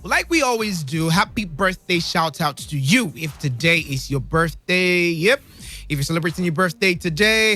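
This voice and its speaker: Excitable radio host, bright voice. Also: male voice, high-pitched. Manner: excitable and playful, laughs often. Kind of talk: radio show hosting. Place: radio studio.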